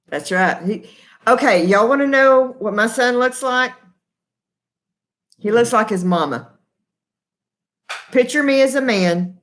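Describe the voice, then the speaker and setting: Slow-talking Texan woman chatting live. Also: a little high, lively intonation. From Texas. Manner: chatty, folksy, rambling with many fillers. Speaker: livestream host. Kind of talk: casual live-stream chat. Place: kitchen table at home. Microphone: laptop built-in mic.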